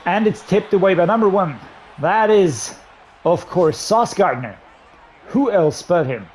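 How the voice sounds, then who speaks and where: A man giving running commentary while playing a football video game, excitedly talking through his play calls to himself. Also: sits high, measured pace. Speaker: gaming YouTuber. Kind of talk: live gameplay commentary.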